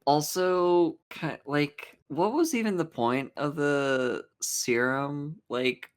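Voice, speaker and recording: A woman co-hosting a podcast, chatting casually about a film, halting and restarting her sentences, with dry quips. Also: sits low. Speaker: podcast co-host. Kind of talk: casual film-review chat.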